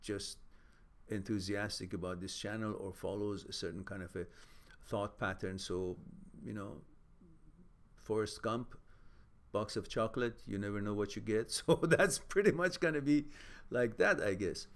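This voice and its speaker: A man's voice: lowish voice, moderate pace. A man hosting a live Q&A stream, talking casually and loosely, with frequent restarts. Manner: loose, rambling, with many fillers and restarts. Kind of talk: casual live-stream chat, reading viewer comments.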